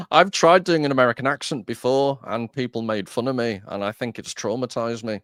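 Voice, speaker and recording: Man, host, casual chat, mid pitch, dry close sound, rambling. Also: moderate pace, no echo. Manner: chatty, self-deprecating, rambling. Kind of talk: casual discussion.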